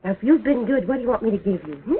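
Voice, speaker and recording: A woman's voice: a little high, rapid-fire, close to an everyday voice. An actress playing a doting young woman who coaxes and plays with a small child in an early talkie. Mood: tender. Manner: tender, playful, coaxing, laughs often. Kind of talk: early talkie film acting. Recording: tinny scratchy 1920s film soundtrack.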